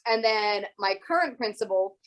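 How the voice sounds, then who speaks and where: A woman teacher talking casually as an interview guest, telling lively stories and acting out the voices of the people in them. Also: medium pitch, normal speed, poor audio. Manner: animated storyteller who acts out other people's voices.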